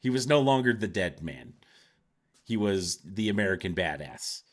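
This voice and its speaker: A man's voice: sits low, big pitch swings, moderate pace. A man co-hosting a casual wrestling chat, speaking earnestly and a bit hesitantly. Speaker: podcast co-host.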